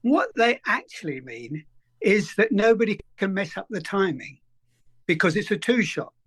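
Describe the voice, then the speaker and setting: An older man with a notably high-pitched voice speaks as an interview guest. He tells stories in an animated, anecdotal way and acts out quoted dialogue as he goes. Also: moderate pace, slightly rough. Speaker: film editor guest. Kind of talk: conversational interview storytelling.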